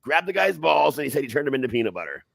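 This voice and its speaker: A man on a podcast telling a wild fight story in a profane, animated way, acting out other people's voices loudly. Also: mid-range voice, rapid-fire, gravelly. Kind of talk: casual storytelling.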